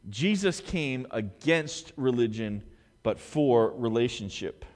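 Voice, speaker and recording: A man preaches from the pulpit, his voice at an ordinary middle pitch. He swings from loud, emphatic stretches to hushed, quiet ones. A long reverb hangs on every word in the church sanctuary. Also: expressive, slow. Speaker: pastor. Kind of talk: sermon.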